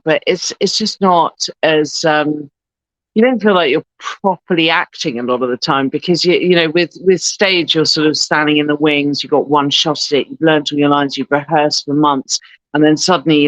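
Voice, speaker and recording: A woman's voice: low voice, dry recording, dull audio. A woman guest on a podcast, telling stories casually, acting out what people said and swearing now and then. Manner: chatty storyteller, swears, acts out quotes. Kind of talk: casual chat.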